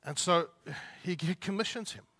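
A man's voice: high-pitched, normal speed, a bit bright. A man preaching a sermon, emphatic, repeating his points and asking the listeners rhetorical questions. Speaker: pastor.

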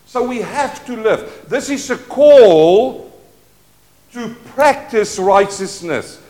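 A man preaching a sermon as pastor, leading call-and-response and moving between quiet asides and loud declarations. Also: sits high, very animated, measured pace, roomy sound. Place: church.

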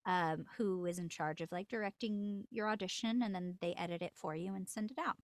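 A woman's voice: lowish voice, brisk, no room sound, studio quality. A woman voice actor, a podcast guest, telling a story with lots of laughter and acted-out quotes. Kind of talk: casual storytelling interview.

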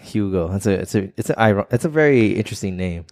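A man's voice: on the low side, expressive, quick pace, darkish tone. A man co-hosting a podcast in casual chat, laid-back, trailing off and swearing casually. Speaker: podcast co-host.

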